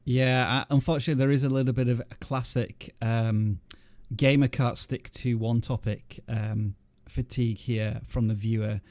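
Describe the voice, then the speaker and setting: A man's voice: mid-range voice, steady tone, moderate pace, a little mellow, no room sound. Jokey male livestream host, dry sound. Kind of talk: casual panel chat reviewing channels.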